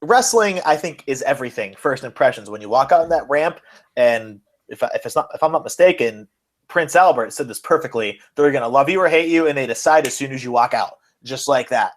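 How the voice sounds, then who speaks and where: A man co-hosting a casual wrestling and sports podcast, excitable and rambling, swearing as he goes. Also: medium pitch, a little fast. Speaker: podcast co-host. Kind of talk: casual chat.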